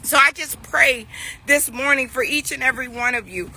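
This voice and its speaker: A woman's voice: high-pitched, moderate pace, sharp tone, slight background noise. A woman in her forties telling a family story that turns into a heartfelt morning message, earnest and emotional, repeating phrases for emphasis. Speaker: mother sharing a devotional. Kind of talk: heartfelt storytelling turning into preaching.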